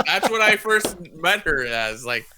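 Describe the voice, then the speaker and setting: A man co-hosting a podcast in casual chat, easygoing and agreeable, often chiming in with quick yeahs. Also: a little high, very animated, a loud crowd. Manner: easygoing, agreeable, many "yeah"s and "like"s. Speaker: podcast co-host.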